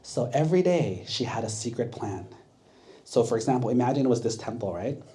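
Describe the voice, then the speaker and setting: A man's voice: mid-range voice, animated, fairly quick, warm tone. A man, a monk at a temple, giving a sermon to children, telling a story and asking them questions along the way. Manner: asks the audience questions, checks with 'right?'.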